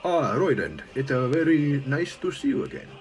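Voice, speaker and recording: A man's voice: fairly low pitch, expressive, moderate pace, faint music behind, lightly acted. A man voicing a hot-headed Korean restaurant owner who talks with a heavy put-on accent. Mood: nervous politeness.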